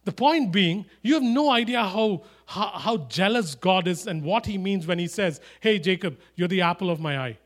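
High-voiced animated male preacher. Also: moderate pace, few pauses. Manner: animated, rising to loud emphatic declarations; chatty asides with tag "eh?". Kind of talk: sermon with humorous anecdotes.

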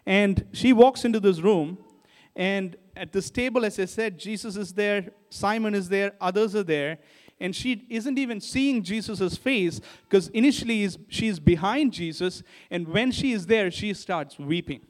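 A man's voice: high voice, unhurried. A male preacher retelling a story in a sermon, speaking casually to his listeners. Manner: storytelling, addresses listeners as guys. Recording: long hall reverb.

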